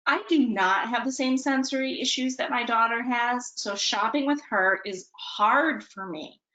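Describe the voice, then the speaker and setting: A woman's voice: on the high side, a little slow, pushed and bright, echoey room, muffled recording. A woman presenting a parenting webinar in a conversational way, often checking in with her listeners.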